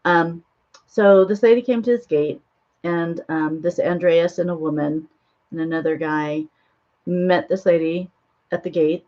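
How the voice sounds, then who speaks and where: A woman's voice: on the low side, fairly even intonation, measured pace, a little mellow. A woman casually retelling a spiritual film in a rambling way, with many ums and restarts. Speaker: spiritual author and host. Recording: dull lo-fi sound.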